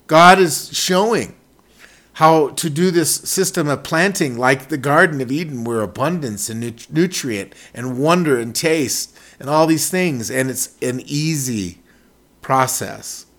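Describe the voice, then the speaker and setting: A man preaching a sermon with fervor, repeating phrases and swinging between loud declarations and hushed asides. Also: on the high side.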